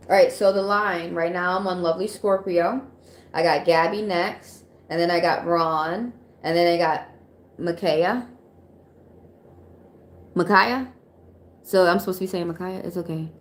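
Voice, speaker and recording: A woman's voice: lowish voice, steady tone, moderate pace, reverberant. An American woman from Atlanta doing casual tarot readings on a live stream, chatty and rambling with many fillers and frequent laughs. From Atlanta, USA. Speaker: tarot reader.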